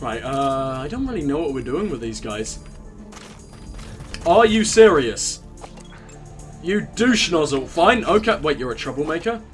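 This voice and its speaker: A man's voice: a little high, very animated, normal speed, hardly any pauses, a bit bright, soft background music. A young man casually commenting on his gameplay, joking irreverently and talking to the characters on screen. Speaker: let's play gamer.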